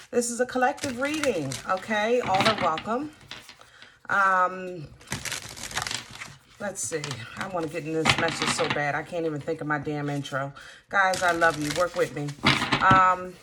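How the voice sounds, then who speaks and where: A woman's voice: medium pitch, very noisy. A woman hosting a casual tarot reading, talking to her viewers in a chatty, emphatic way with lots of fillers. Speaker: tarot reader.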